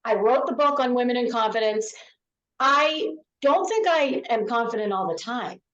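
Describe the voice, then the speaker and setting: Woman author guest, slightly high voice, emphatic and repetitive, echoey room. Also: expressive, moderate pace, fairly bright tone, muffled recording. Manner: emphatic, repeats key phrases. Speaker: author and confidence speaker. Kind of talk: podcast interview.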